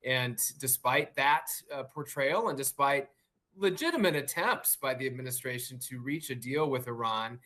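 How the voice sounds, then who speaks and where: Bright-voiced male news correspondent. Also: mid-range voice. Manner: measured, with frequent fillers and restarts. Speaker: White House correspondent. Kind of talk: live news commentary.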